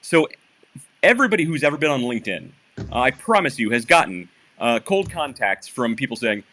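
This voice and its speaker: Lively, bright-voiced man co-hosting. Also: medium pitch, a little fast, a little hiss or hum. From Michigan. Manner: explains and jokes, lively. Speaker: podcast co-host. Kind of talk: casual podcast chat.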